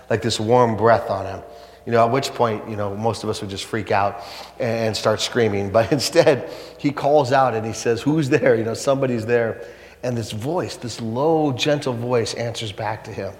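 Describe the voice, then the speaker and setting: A man preaching a sermon, telling a story in a conversational, animated way and reading a passage aloud. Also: mid-range voice. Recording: echoey hall.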